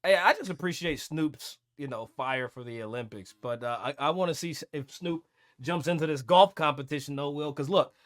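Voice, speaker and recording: A man co-hosting a podcast in casual chat, animated and jokey with lots of slang. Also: on the high side, a little fast, no echo. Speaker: podcast co-host.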